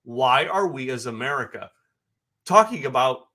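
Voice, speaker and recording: A man's voice: mid-range voice, expressive, normal speed, pushed and bright. A man co-hosting a business podcast, chatting casually, emphatic and prone to repeating words. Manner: emphatic, repeats words, asks pointed questions. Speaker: podcast co-host. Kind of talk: casual chat.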